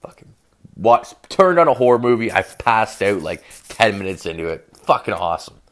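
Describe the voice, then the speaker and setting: A man's voice: fairly low pitch, big pitch swings, normal speed. A young man telling a story in a casual, rambling monologue, swearing constantly and saying "like" all the time. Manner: profane, rambling, heavy use of filler "like". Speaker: podcast host.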